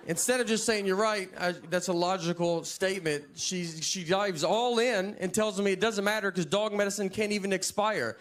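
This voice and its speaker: A comedian telling stand-up stories in a slow, deadpan drawl. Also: male voice, high voice. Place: live venue with audience. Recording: live audience noise.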